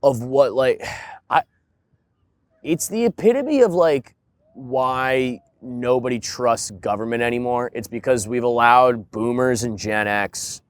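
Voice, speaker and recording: A man in casual podcast chat, ranting in an animated way and leaning on filler words. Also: mid-range voice. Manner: animated, ranting, heavy use of "like" and "dude". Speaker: podcast co-host.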